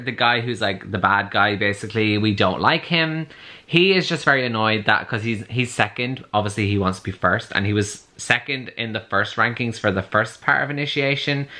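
A man's voice: on the low side, bright, forceful tone. A man in his twenties chatting casually in a reading vlog, gushing and full of "like" fillers. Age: 20s. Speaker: book vlogger.

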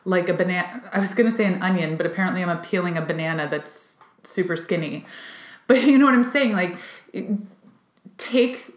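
A woman giving a casual, channeled card reading to her viewers, excited and chatty, with many "like" fillers. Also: on the low side, moderate pace. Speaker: intuitive card reader. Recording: roomy echo.

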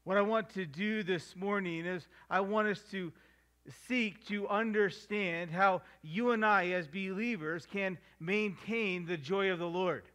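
A middle-aged male pastor preaches a sermon, slowing down to stress the verses he quotes and acting out household scenes in different voices. His voice sits high and has a sharp tone.

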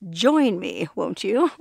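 A woman's voice: mid-range voice, animated, drawn-out words, gravelly, a little mellow, breathy edge, no room sound. A woman talking to camera outdoors in the desert, chatty and earnest, laughing often and using folksy exclamations. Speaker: vlogger. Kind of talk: casual outdoor vlog monologue. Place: outdoors in the desert near Las Vegas.

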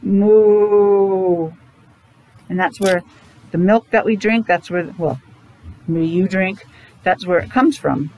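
A woman's voice: fairly low pitch, a little slow, muffled recording, a little hiss or hum. A woman teacher with a Rhode Island accent, chatting to her students as she introduces a picture book, making playful animal sounds.

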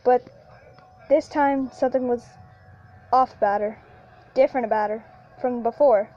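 High, mellow woman narrator for a halting, restart-heavy horror reading, dull lo-fi track. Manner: halting, with frequent restarts and repeated lines. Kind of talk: first-person horror story reading. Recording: lo-fi with faint background music.

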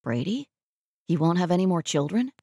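A woman voicing an apologetic, gently teasing man who speaks softly in an audiobook. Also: on the low side, very animated, moderate pace, no room sound, studio quality. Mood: earnest. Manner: soft, repeatedly apologetic.

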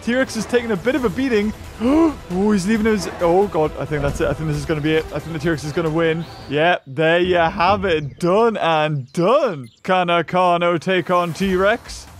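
A man hosting a gaming video, giving excitable gameplay commentary full of exclamations and laughter. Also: high voice, normal speed, soft background music.

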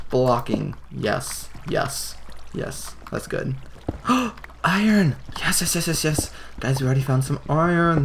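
A young man hosting a let's play, excitable and gasping, leaping to high shrieks when something scares him. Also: gravelly. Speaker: gaming channel host. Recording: noisy home recording with keyboard clicks.

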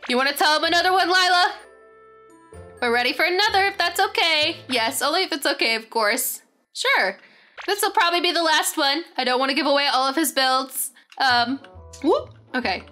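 A young woman hosting a game tour, gushing with excitement and saying "very, very" over and over as she chats casually. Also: high voice. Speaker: gaming channel host. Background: faint background music.

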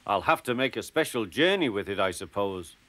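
A man's voice: lowish voice, expressive, fairly quick, a bit bright. A man voicing a grumpy, put-upon small tank engine in a children's storybook.

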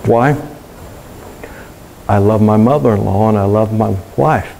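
A man's voice: on the low side, measured pace, creaky, warm tone, slight background noise, poor audio. A middle-aged man, a pastor, preaching a sermon to a congregation, telling personal stories in a conversational way and asking the room questions.

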